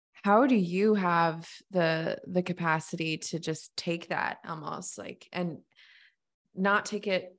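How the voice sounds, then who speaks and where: Gravelly-voiced woman hosting. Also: on the low side. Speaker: podcast host. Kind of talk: casual podcast interview.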